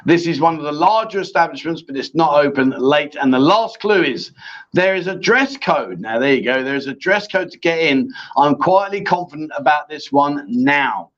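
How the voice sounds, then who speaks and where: A man's voice: on the high side, expressive, normal speed, fairly bright tone. A man hosting a casual live-stream chat show, chatty and bantering with his co-host. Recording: dull lo-fi stream audio.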